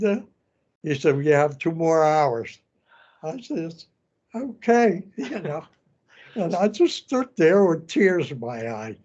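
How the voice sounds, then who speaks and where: An elderly man in his nineties, a veteran telling his story in an oral history interview, halting and repeating words as he goes. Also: on the high side, darkish tone, lo-fi sound. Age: 90s. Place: veterans center room.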